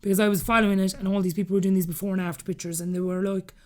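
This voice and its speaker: A woman in her thirties with an Irish accent, a podcast guest telling her story candidly and acting out the things people said to her. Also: mid-range voice. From Ireland. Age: 30s. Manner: rapid, animated, acts out quoted dialogue.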